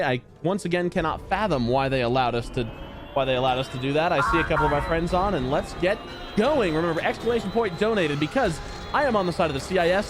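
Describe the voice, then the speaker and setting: A man co-hosting a charity stream, giving upbeat, chatty, teasing commentary while playing a game. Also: fairly high pitch. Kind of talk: live gameplay commentary. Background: game music.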